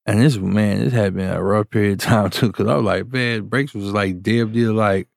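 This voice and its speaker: A man, a music producer, telling a story in casual chat, slangy and animated, acting out the people he quotes. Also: lowish voice, moderate pace, gravelly, dry recording, studio quality.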